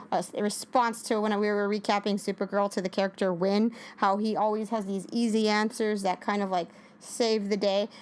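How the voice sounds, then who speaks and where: A woman's voice: on the high side, darkish tone, clean tone. A woman co-hosting a casual TV recap, rambling with many restarts and frequent laughs. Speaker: co-host.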